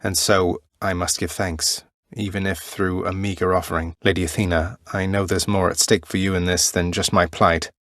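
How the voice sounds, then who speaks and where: An actor playing a wry, good-natured young prince of the underworld, with a dry, polite manner in game voice lines. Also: male voice, low-pitched, level tone, moderate pace, a bit bright, no echo. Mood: reverent. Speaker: video game protagonist. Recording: dry studio recording.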